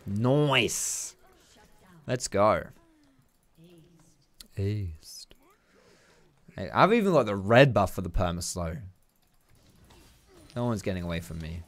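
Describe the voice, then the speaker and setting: A man's voice: low voice, lively intonation, normal speed, long pauses. A young man giving casual, chatty commentary over his own gameplay, swearing and tossing out teasing asides.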